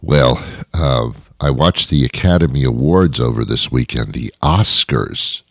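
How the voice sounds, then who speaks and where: A man's voice: extremely low pitch, normal speed, no echo. A man hosting a radio show, delivering a rambling comedic monologue with dry jokes and chuckles.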